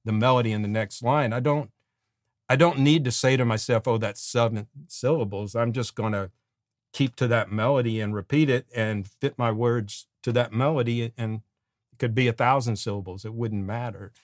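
Animated middle-aged man, dry close sound. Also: medium pitch, normal speed, no echo. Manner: animated, sings melody fragments, acts out quotes. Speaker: podcast co-host and songwriting teacher. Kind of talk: casual conversational advice.

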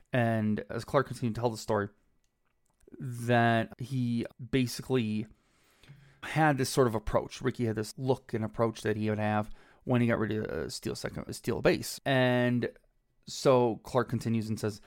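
A man in his thirties hosts a podcast and tells baseball anecdotes, clearly enjoying himself as he acts out the quoted lines. His voice sits at an ordinary middle pitch. The recording is dry and close to the mic, with no room sound. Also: moderate pace, dry recording. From Cleveland, Ohio. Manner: enthusiastic, quotes players in lively voices. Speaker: podcast host. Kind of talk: casual baseball storytelling.

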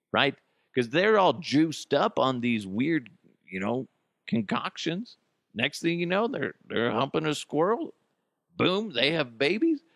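Profane, gravelly man ranting comically. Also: no echo, clean studio sound. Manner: animated, sarcastic, swearing, jumps into high mocking voices. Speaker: comedic commentary host. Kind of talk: profane comedic news rant.

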